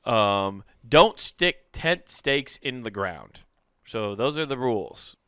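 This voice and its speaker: A man's voice: medium pitch, expressive, slow, pushed and bright, clear, resonant tone, no room sound, studio quality. A man co-hosting a comedy podcast, joking in casual banter, often laughing and swearing. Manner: laughing, joking, profane, puts on voices. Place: car.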